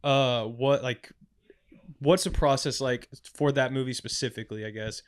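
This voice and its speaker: A man's voice: medium pitch, fairly even intonation, moderate pace, clean tone, no room sound. A man co-hosting a podcast, asking long, supportive questions in casual conversation. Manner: supportive interviewer, wordy questions. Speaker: podcast co-host.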